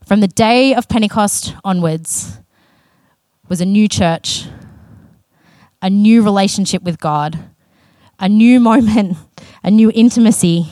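A woman's voice: mid-range voice, a little slow, mellow, no echo. A woman preaching a sermon in an earnest, conversational way, with casual self-aware asides.

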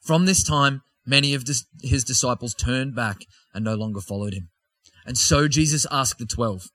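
A man's voice: medium pitch, a little fast, bright, forceful tone, dry recording. A man preaching a sermon, reading scripture and breaking off into conversational asides and jokes with the congregation.

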